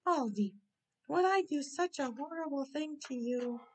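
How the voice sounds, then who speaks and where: A woman's voice: sits high, lively intonation, unhurried. A woman voicing a mischievous male prankster who casts silly spells, speaking in a sugary, teasing, falsely innocent way.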